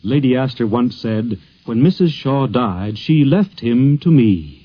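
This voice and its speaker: A man giving measured, formal scripted documentary narration. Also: medium pitch, lively intonation. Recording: muffled 1950s radio recording.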